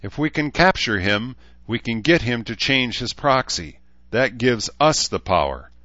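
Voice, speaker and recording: A man voicing a fierce, urgent young sorceress who talks forcefully. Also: medium pitch, animated, measured pace, dry recording, highs cut off, voice pushed up. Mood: insistent.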